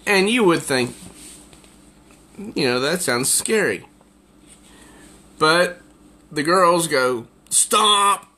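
A man's voice: fairly high pitch, expressive, slow, pauses often, bright, forceful tone. A man casually reviewing a comic book, summarizing the pages with evident amusement. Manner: amused, easily tickled by the jokes.

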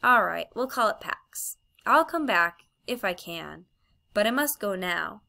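A woman voicing a young British schoolgirl who talks in a prim, sharp and sarcastic way. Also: mid-range voice, animated, measured pace, vocal fry, heavily acted. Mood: relenting.

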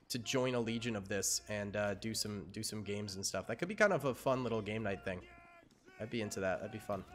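A man's voice: medium pitch, a bit bright, a little hiss or hum. A man hosting a gaming video, chatting casually as he plays and often trailing off into mumbles. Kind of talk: casual gameplay commentary.

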